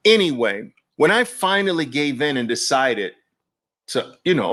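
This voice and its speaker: A man's voice: a little high, expressive, unhurried, a bit bright. A man hosting a live online audio room, talking emphatically and mockingly and repeating phrases for effect. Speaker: host.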